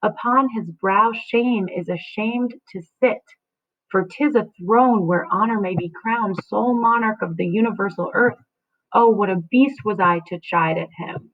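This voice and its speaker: A woman reading aloud as an anguished teenage girl torn between love and grief, delivering verse dramatically and slowing on key words. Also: medium pitch, natural voice. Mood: grieving. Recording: tinny phone-like sound.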